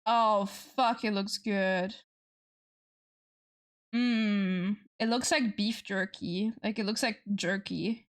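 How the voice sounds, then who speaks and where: A woman's voice: mid-range voice, steady tone, slow pace. A young woman from France, chatting casually with viewers on a livestream, playful and swearing freely. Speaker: streamer.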